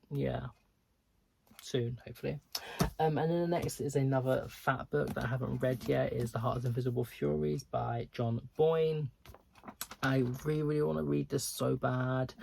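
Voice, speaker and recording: Chatty gravelly-voiced man vlogging. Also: medium pitch, a little mellow. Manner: chatty, rambling, self-deprecating, lots of ums and likes. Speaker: book vlogger. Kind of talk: casual chat to camera.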